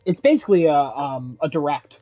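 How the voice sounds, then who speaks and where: A man co-hosting a casual podcast chat, excitable, laughing often and throwing in mock exclamations. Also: a little high, a little fast. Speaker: podcast co-host. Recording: dull lo-fi podcast audio.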